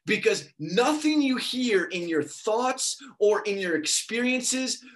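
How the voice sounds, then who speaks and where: A young man giving a sermon, telling a lively personal story and acting out the dialogue. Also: high voice, slow. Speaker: preacher.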